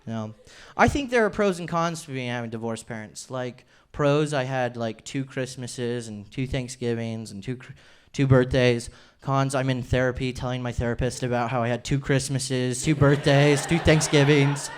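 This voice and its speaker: This young comic from Utah speaks at a medium pitch through a handheld mic during a stand-up set on a comedy club stage, with the audience laughing. He's chatty and self-deprecating and breaks into quick impressions of his family.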